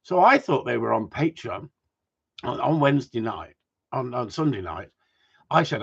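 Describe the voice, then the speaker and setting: A husky-voiced gundog trainer talks casually and tells stories with lots of energy. He swears freely and trips over his own sentence starts. The recording sounds dull and lo-fi. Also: medium pitch, moderate pace, long pauses. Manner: animated, swears freely, frequent restarts. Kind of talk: casual chat, storytelling.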